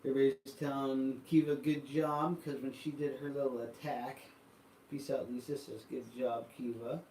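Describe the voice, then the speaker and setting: A man's voice: medium pitch, level tone, moderate pace, mellow, slight background noise. Man, casual livestream host, rambling storyteller, far from the mic. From United States. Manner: rambling storytelling with many fillers. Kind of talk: casual chat reading viewer comments. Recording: echoey room, voice from far off.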